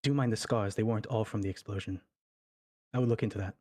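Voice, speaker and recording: A man voicing a polite, gentle young nobleman with formal speech in a tabletop game. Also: a little high, expressive, a little fast, voice pushed up.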